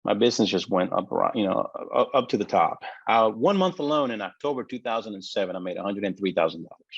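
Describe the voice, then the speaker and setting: Interview guest, male, gravelly and low, halting emotional storyteller, dull dry recording. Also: big pitch swings, dry recording. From United States. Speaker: interview guest, business owner.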